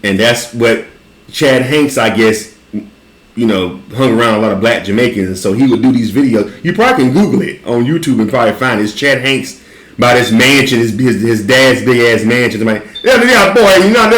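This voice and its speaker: A man with a Southern accent hosting a casual chat, telling an animated, profane story and laughing often. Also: medium pitch, moderate pace. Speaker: podcast host. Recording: roomy echo.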